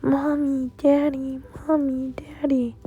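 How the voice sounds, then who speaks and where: A woman's voice: high voice, fairly even intonation, takes it slowly, creaky, mellow, breathy edge, dull audio, pitched above the performer's own voice, heavily acted. A woman voicing a scared four-year-old boy who whimpers and pleads. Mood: frightened.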